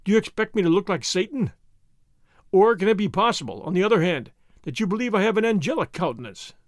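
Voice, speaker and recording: A man's voice: sits high, very animated, quick pace, no echo, clean studio sound. A man voicing a courteous, wry masked swordsman who speaks with easy gallantry. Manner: courteous, wry, languid at times.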